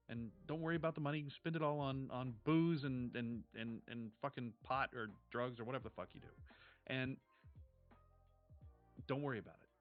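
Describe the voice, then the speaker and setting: A man voicing a frazzled mother who is leaving with her kids, rushed, pushy and swearing. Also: medium pitch, phone-quality sound, close to an everyday voice.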